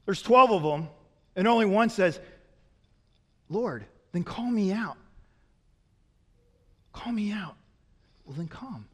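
A man preaching a sermon as a pastor, swinging from loud emphatic peaks to quiet, low asides. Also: lively intonation, measured pace, pauses often, long reverb tail.

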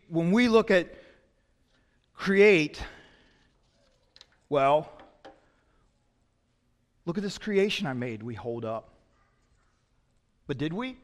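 A man preaching a sermon as pastor, swinging from loud emphatic lines to quiet, low asides. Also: big-room sound.

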